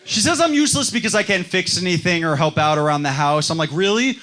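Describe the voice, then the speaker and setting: This young comedian's voice runs on the high side, sing-song and quick, as he does self-deprecating stand-up and impersonates other people. The live club set is recorded with loud audience laughter in the background.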